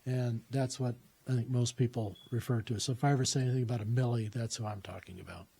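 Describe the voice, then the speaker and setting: A man's voice: medium pitch, fairly even intonation, fast talker, vocal fry, warm tone, slightly rough. A man telling a personal story in a conversational way, recounting what people said to him.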